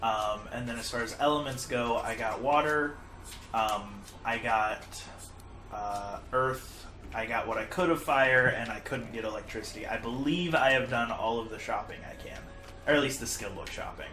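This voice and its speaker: A man's voice: mid-range voice, normal speed, sharp tone, faint music behind. A man hosting a casual gaming session with friends, chatty and self-deprecating, laughing often. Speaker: host and player. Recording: roomy echo.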